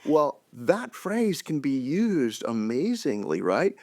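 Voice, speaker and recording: A fairly high-voiced older man swings his pitch widely as he tells playful family stories on a podcast. His delivery is dry and close to the mic, animated and chatty. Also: slow, no room sound. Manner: animated storyteller who acts out kids' voices. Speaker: podcast co-host. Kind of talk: casual chat.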